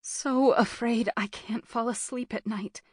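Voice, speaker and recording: A man's voice: very high-pitched, unhurried, dry recording, studio quality, pitched above the performer's own voice. A woman narrator voicing a frightened mother in an ancient town, speaking anxiously in a raised voice. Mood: fearful. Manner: anxious, fearful.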